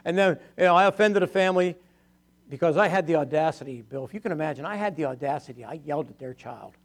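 An older pastor with a gravelly, somewhat high voice tells stories from the pulpit. He talks in a loose, chatty way, laughs often and slips into the voices of the people he quotes. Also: fast. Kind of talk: storytelling sermon testimony.

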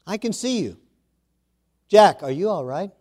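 A man voicing a calm, patient God. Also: high-pitched. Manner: calm, reassuring, unhurried.

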